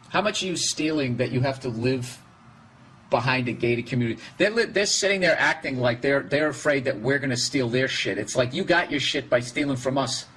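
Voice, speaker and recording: A man's voice: mid-range voice, fairly bright tone, a little hiss or hum. A middle-aged man hosting a podcast, ranting in a rambling, comedic way, profane and exasperated, often breaking off and restarting his sentences. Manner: profane, exasperated, self-interrupting. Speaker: podcast host.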